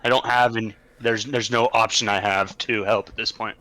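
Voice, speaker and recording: A man at a tabletop game explaining his move, clearing his throat often. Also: fairly low pitch, fairly even intonation, moderate pace, sharp tone. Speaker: player. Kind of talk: casual chat in a tabletop game.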